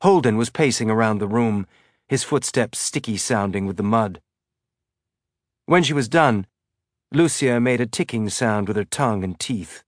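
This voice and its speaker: A man reading an audiobook narration in a steady, even voice. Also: lowish voice, normal speed, no echo, clean studio sound.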